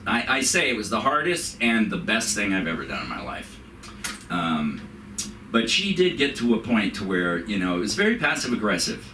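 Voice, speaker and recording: A man's voice: fairly low pitch, pushed and bright. Rambling stand-up man in an echoey club. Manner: rambling, halting, laughs at own jokes. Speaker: stand-up comedian. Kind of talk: open-mic stand-up set. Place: comedy club stage. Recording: echoey room, far from the mic, noisy.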